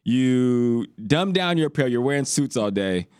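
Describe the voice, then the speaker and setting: A man's voice: mid-range voice, lively intonation, normal speed, a little mellow, clear, resonant tone, dry recording, studio quality. An American man hosting a casual sports podcast, teasing his guests and laughing often. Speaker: podcast host. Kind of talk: casual chat.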